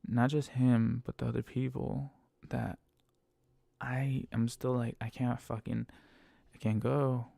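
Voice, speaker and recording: A man with a gravelly, dark-toned voice tells a rideshare driving story in a casual monologue. He swears constantly and lays on emphatic exasperation. The sound is dry and close. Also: mid-range voice, level tone, takes it slowly, no room sound. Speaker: rideshare driver telling stories.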